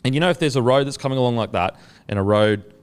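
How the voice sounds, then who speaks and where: Swearing bloke telling a story. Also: male voice, medium pitch, fast talker, clear, resonant tone. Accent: Australian. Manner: swearing, animated storyteller acting out quotes. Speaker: podcast host. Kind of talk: casual storytelling chat.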